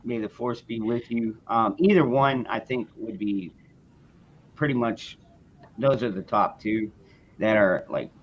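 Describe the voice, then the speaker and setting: A man's voice: fairly low pitch, measured pace. Guy on a podcast, blunt and sweary, kinda muffled audio w/ a little hiss. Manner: blunt, profane, talks in restarts. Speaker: host. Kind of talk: casual podcast chat.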